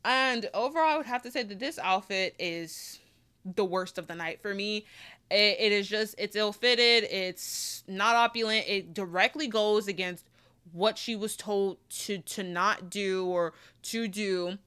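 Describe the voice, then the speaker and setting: A woman's voice: medium pitch, a little slow, sharp tone, clean tone. A woman giving casual review commentary on a TV show, emphatic and repetitive, with lots of "like" fillers.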